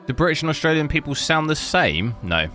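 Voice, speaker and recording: A man from South Africa chats casually while streaming a game, rambling on in a bright, forceful voice as he answers his chat. Faint game music plays beneath him. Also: on the high side, big pitch swings, a little fast. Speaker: gaming livestreamer. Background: game audio.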